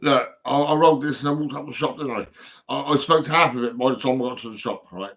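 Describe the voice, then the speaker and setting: Bright-voiced rambling man. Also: medium pitch, quick pace. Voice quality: rambling, many fillers and restarts, swears. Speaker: vlogger. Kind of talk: casual rambling monologue.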